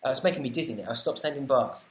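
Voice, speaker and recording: A British man hosting a casual livestream, reading viewer comments out loud and answering them with chatty, wry, self-deprecating asides. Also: medium pitch, quick pace, reverberant. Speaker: livestream host.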